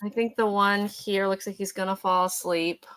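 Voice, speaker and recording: Bright-voiced woman hosting a live sale. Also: mid-range voice, fairly even intonation, moderate pace, slight background noise. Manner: chatty, describing items as she goes. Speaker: host selling vintage photos. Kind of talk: casual live sale chat.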